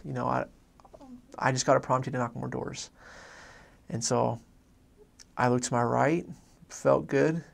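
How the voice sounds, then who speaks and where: A man, a former missionary, telling an earnest faith story in a halting way with many restarts. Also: medium pitch, steady tone, vocal fry. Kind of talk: personal faith testimony story.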